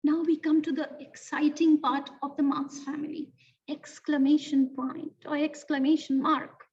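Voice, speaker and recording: A high-voiced woman gives young children an online lesson with animated, melodic teacher talk, slowing to stress key words. It's a distant, muffled lo-fi recording.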